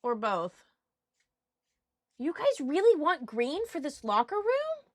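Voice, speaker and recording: A young woman chatting loosely on a live stream, giggly and quick to swear. Her voice sits high and swoops up and down a lot. She talks at an unhurried pace, close to a dry microphone. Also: huge pitch swings, dry recording. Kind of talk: casual live-stream chat while coloring.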